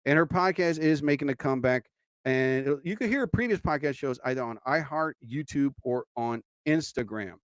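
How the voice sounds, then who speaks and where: Man, live-show host, rambling casual monologue; clear, smooth voice, dry close sound. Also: mid-range voice, moderate pace, no echo. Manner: rambling, chatty, many "you know" asides.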